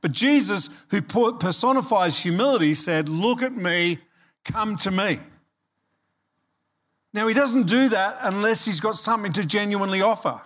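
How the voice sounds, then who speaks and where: Older guy preaching, kinda high voice, chatty and jokey, keeps asking the room if it makes sense. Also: moderate pace, a bit bright. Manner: conversational preaching with humorous asides; checks in with the congregation. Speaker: pastor. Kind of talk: sermon.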